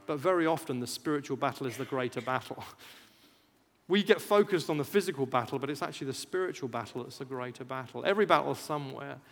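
A man preaching a sermon, animated, jumping loud for emphasis and acting out chants. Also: fairly high pitch. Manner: animated, rises loud for emphasis, acts out chants, laughs at himself. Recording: long hall reverb.

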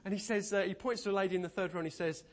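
High-voiced man preaching. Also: rapid-fire. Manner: animated storytelling, lively and humorous. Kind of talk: sermon. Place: church.

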